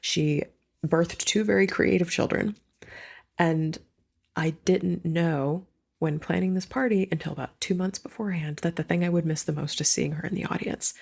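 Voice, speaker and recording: A woman author speaking as a podcast guest in a casual, reflective conversation, earnest and quick to laugh. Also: on the low side, vocal fry, a little mellow, breathy edge.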